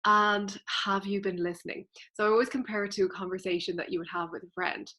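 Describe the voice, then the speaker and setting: A woman's voice: mid-range voice, steady tone, fast talker, pushed and bright. A woman, a spiritual teacher explaining things earnestly and directly to her viewers in a casual vlog.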